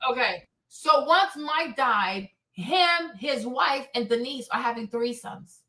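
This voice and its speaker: Heated, profane woman commentator, high voice. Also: animated, slow, sharp tone. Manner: heated, blunt and profane, repeating lines for emphasis. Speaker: host. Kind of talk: casual commentary. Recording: echoey room.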